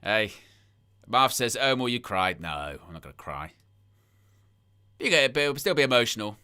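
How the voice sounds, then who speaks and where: A man's voice: medium pitch, big pitch swings, moderate pace, sharp tone, clear, resonant tone. A man hosting a live wrestling watch-along stream, talking casually and passionately, repeating phrases for emphasis and reading out viewer comments. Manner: reads out and answers viewer chat comments.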